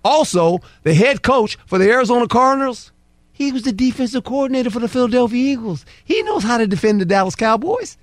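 A man's voice: extremely high pitch, sing-song, a little fast, dry recording. A man breaking down football on a sports talk show. He talks emphatically in folksy football slang and acts out players and coaches in quoted dialogue. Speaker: football analyst guest.

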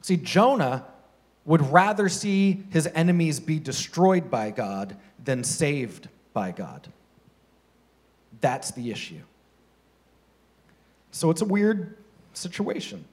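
A man with a notably high voice delivers a sermon as a pastor. He keeps it casual and chatty, piling up rhetorical questions for the room. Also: sing-song, slow, long pauses, darkish tone, husky. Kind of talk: conversational sermon.

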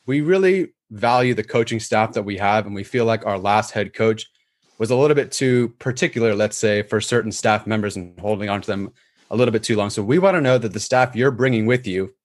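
A man's voice: fairly low pitch, fairly quick, close to an everyday voice. A man playing a male team executive who interviews coach candidates with polite prompts.

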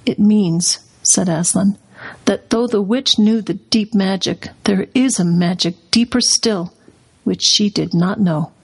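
A woman reading aloud, voicing a great male lion in a storybook in a calm, measured way. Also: medium pitch, slightly rough, low-quality recording. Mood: solemn, joyful.

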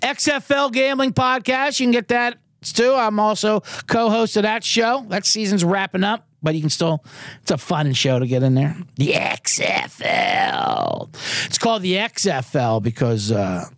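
A man's voice: high voice, normal speed, a bit bright, no room sound, clean studio sound. A man hosting a sports betting podcast in a casual, jokey, rambling way, often interrupting himself. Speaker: podcast host.

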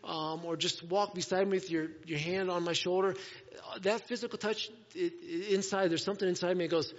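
A man preaching a sermon in a conversational way, moving between playful asides and hushed, earnest moments. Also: sits high, fairly even intonation, fairly quick, long reverb tail, highs cut off. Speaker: pastor. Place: church sanctuary.

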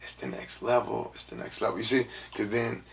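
A man's voice: mid-range voice, fairly even intonation, brisk, gravelly, a bit bright. A young man from San Francisco telling a rambling personal story in casual talk, full of filler phrases and half-whispered asides. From San Francisco, USA.

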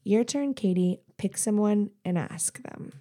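A woman's voice: medium pitch, measured pace, dark tone, lightly acted. A woman voicing a flirty, teasing adult woman in an erotic audio story, speaking in a sultry way.

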